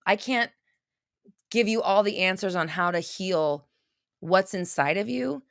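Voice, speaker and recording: A woman's voice: medium pitch, a little slow, creaky, dry recording, studio quality. A woman hosting a livestream and answering viewer questions, blunt and intense, hammering points home with repetition. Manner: blunt, intense, repeats phrases for emphasis. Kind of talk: unscripted livestream talk.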